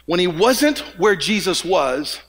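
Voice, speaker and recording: A man preaching a lively sermon as pastor, joking with the congregation and often repeating and restarting words. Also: high-pitched, slow pace, gravelly. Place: church hall. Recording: long hall reverb.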